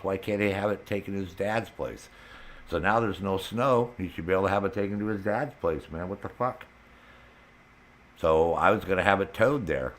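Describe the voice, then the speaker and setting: A low-voiced man rants angrily while streaming a game, swearing heavily throughout his casual talk. Slight background noise is present.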